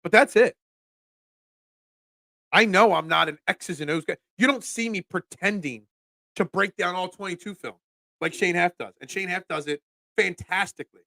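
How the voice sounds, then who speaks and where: A man hosting a casual sports talk show, ranting in an animated, self-deprecating way. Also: high-pitched, normal speed, creaky, long pauses, dry recording.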